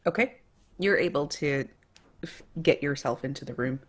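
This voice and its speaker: A woman narrating a tabletop game as game master, in a relaxed, casual way. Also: deep voice, normal speed.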